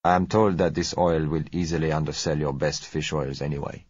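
A man voicing a smooth, polite South American businessman who speaks gently and unhurriedly, in a dull lo-fi recording. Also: very deep voice, steady tone, fairly quick, dry recording. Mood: suave.

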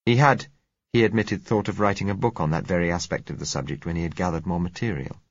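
A man narrating an audiobook in a measured, reflective way. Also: sits low, steady tone, no echo. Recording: muffled lo-fi recording.

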